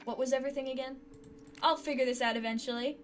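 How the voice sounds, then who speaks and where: A woman commentating her own playthrough of a cozy fantasy tavern game, talking her way through each puzzle and cheering when it works. Her voice sits fairly high. Soft game music runs underneath her talk. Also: quick pace. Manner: excitable, chatty, thinking aloud. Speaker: game streamer. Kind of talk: let's play commentary.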